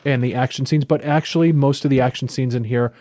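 Homem de voz suave em gravação seca. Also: male voice, medium pitch, steady tone, mellow, no room sound. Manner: measured, offering opinions on the art. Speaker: comic book podcast co-host. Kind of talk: casual chat, reviewing comics.

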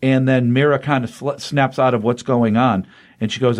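Man, podcast co-host, casual comic recap, enthusiastic, rambling, mid-pitched voice. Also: steady tone, normal speed. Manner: enthusiastic, rambling retelling with fillers and paraphrased quotes.

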